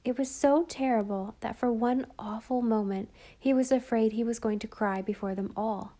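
A woman narrating a storybook in a calm, even way. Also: on the high side, moderate pace. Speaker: audiobook narrator.

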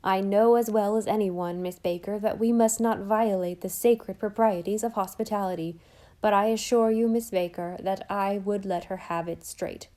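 A woman's voice: mid-range voice, fairly even intonation, moderate pace, mellow, lightly acted. A woman voicing a blunt, sympathetic woman visitor in an audiobook, speaking forthrightly. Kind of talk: audiobook character voice.

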